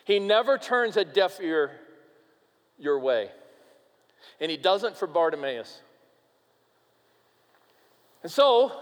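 A man preaching a sermon as pastor, emphatic and animated, sometimes dropping to a quiet, earnest tone. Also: high voice. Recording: long reverb of a large hall.

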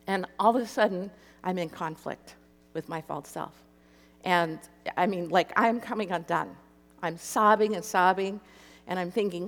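Speaking at an average pitch and ordinary pace, a woman animatedly tells an audience an emotional story from her own life, performing the voices of the people in it. Her personal testimony echoes with the reverb of a hall.

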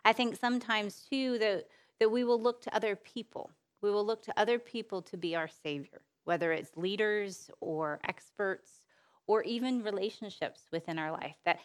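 A woman speaking at a women's Bible teaching session gives an earnest, sermon-style talk in a lowish voice. Unhurried, she repeats phrases for emphasis, asks rhetorical questions, and lets her sentences trail off softly.

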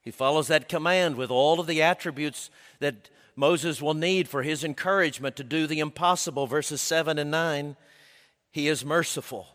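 Male preacher, slightly high voice, unhurried and emphatic, drops to hushed intensity; long hall reverb. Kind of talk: sermon.

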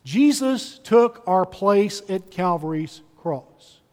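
A man's voice: sits high, expressive, takes it slowly, long reverb tail. A man preaching a sermon as pastor, telling the story emphatically and repeating key phrases.

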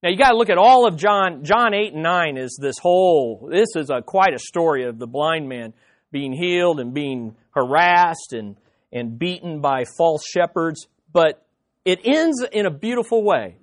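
This pastor, his voice a little high, gives an expository sermon to the people in his church. Lively and talkative, he repeatedly starts his sentences over and breaks into brief, playful impressions.

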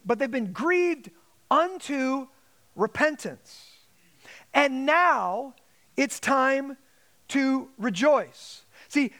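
A man's voice: very high voice, fairly bright tone. A man preaching a Sunday sermon as pastor, with dramatic emphasis and quoted asides.

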